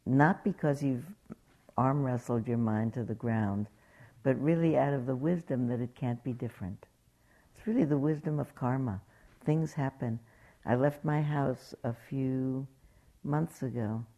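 A woman's voice: a bass voice, unhurried. A woman meditation teacher giving a dharma talk, telling stories in an anecdotal way and acting out quotes. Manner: warm anecdotal storytelling, acts out quotes.

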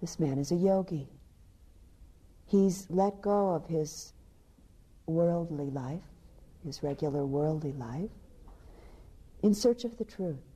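A calm, wise male companion, as a woman telling a teaching story puts him on. He explains softly and patiently, in a low, very dark and husky voice. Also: slow, pauses often, heavily acted. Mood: gently explaining.

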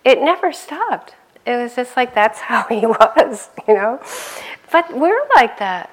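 Middle-aged female meditation teacher, relaxed conversational talk, a touch high-pitched, quick to laugh. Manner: conversational, laughs often, animated in anecdotes. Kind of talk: dharma talk.

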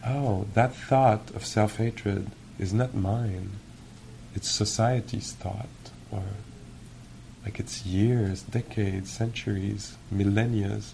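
A man giving a meditation teacher's dharma talk in a gentle, reflective, musing way, with many pauses. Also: lowish voice, steady tone, gravelly, slight background noise. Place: retreat hall.

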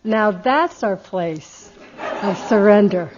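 A woman meditation teacher giving a gentle, reflective dharma talk with soft laughs, on a dull lo-fi recording. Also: mid-range voice, animated, takes it slowly. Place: retreat center meditation hall.

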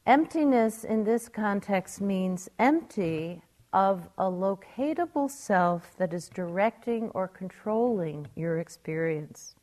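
An older woman, a meditation teacher, giving a gentle, reflective dharma talk. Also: medium pitch, expressive, slow, few pauses.

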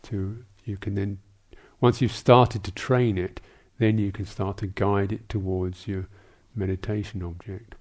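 A man, a Buddhist monk teacher, answering questions in a dharma talk, speaking in a halting, thoughtful way with many restarts and small asides. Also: on the low side, little pitch movement, a little mellow.

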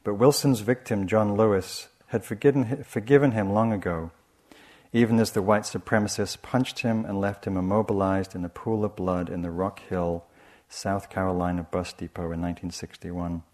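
Soft-spoken male meditation teacher. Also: lowish voice, fairly even intonation. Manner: soft, measured and reflective, with frequent restarts. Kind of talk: dharma talk.

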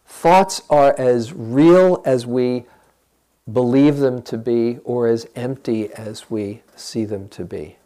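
An older man giving a gentle, reflective dharma talk as a meditation teacher and guiding listeners through a practice. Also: mid-range voice, slow pace.

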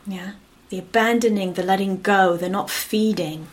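A woman meditation teacher giving a gentle, unhurried dharma talk, her phrases often fading to a whisper and punctuated by a soft "yeah". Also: medium pitch, fairly even intonation. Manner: frequent affirming "yeah" between phrases.

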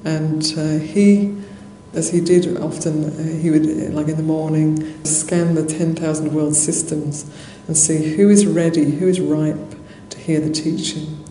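A Buddhist nun giving a dharma talk in a monastery hall, telling a story conversationally with soft laughs and many fillers. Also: female voice, deep voice, level tone, a little slow, hardly any pauses. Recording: roomy hall echo, faint noise.

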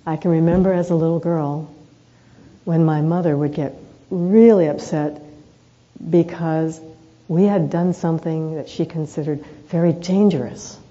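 A woman meditation teacher giving a reflective dharma talk, telling personal stories in an earnest, unhurried way with rhetorical questions. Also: sits low, fairly even intonation, dark tone, lo-fi sound.

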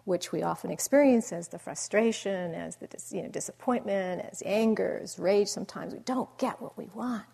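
Middle-aged woman meditation teacher, dharma talk, reflective and slow, mid-pitched voice, soft asides. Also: gravelly, husky.

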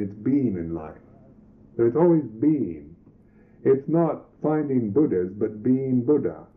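A Buddhist monk teacher giving a reflective meditation talk, pausing and restarting his phrases often. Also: medium pitch. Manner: slow, reflective, halting with restarts. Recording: tinny lo-fi old recording.

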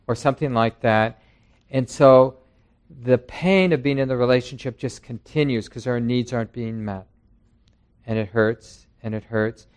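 A man's voice: medium pitch, darkish tone. A man, a meditation teacher, giving a conversational, reflective dharma talk to a group in a meditation center. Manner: conversational and reflective, with acted quotes. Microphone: handheld mic passed around.

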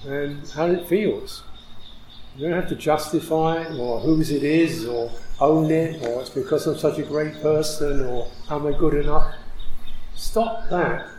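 Buddhist monk giving a roomy dharma talk. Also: male voice, a little high, a little slow, a little hiss or hum. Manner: reflective, with frequent soft laughter.

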